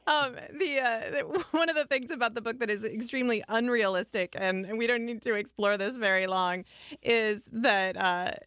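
A woman's voice: on the high side, normal speed, fairly bright tone, clear, resonant tone, dry recording, studio quality. A woman hosting a radio book discussion, steering the conversation and taking callers. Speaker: radio book show host.

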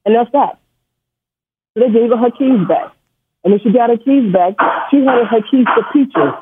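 Brief: high, husky man phoning in from New York, stutters, rambles emotionally, tinny phone line. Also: normal speed. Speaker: caller. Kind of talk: call-in storytelling.

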